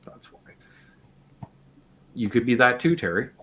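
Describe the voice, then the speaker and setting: A man with a slightly hoarse voice, hosting a casual live Q&A stream, rambling and joking and swearing offhand. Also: medium pitch, animated, a little slow, a bit bright. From Canada. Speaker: livestream host.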